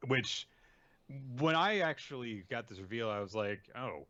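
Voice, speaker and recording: A man's voice: medium pitch, lively intonation, a little slow, fairly bright tone, no echo, muffled recording. A man co-hosting a casual podcast, trading dry joking asides about manga. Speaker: podcast co-host. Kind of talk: casual chat.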